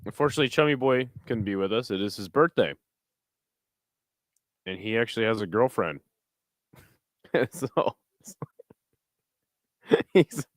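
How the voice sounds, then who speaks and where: Tired guy doing a chill fight watch-along, swears a lot, smooth clear voice, dry close mic. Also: mid-range voice, dry recording. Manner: laid-back, profane, jokey asides to chat. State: tired, burping. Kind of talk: casual live commentary.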